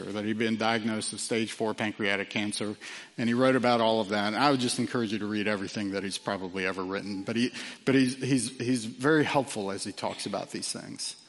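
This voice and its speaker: A man preaching a sermon earnestly, with frequent fillers and quiet drops for emphasis. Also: lowish voice, fairly quick, in a large hall. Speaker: pastor.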